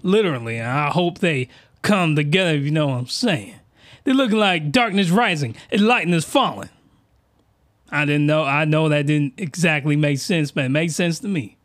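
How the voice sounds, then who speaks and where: A man's voice: a little high, lively intonation, moderate pace, a bit bright. A man giving a crude, rambling comic review, full of fillers and asides. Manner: rambling, rough-edged, with many fillers. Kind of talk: crude comedic commentary.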